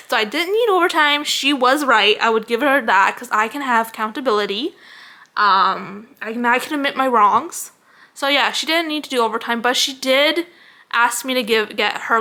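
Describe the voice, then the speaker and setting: A young woman vlogging, ranting casually about her workday, swearing and acting out the people she quotes. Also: a little high. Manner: animated, swearing, acts out quoted dialogue.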